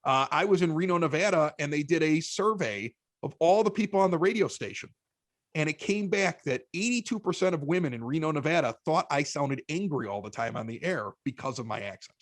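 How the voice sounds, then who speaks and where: Chicago-accented man, slightly high voice. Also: brisk, no echo. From Chicago, United States. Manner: animated storyteller with stammered restarts. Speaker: podcast guest. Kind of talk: casual storytelling chat.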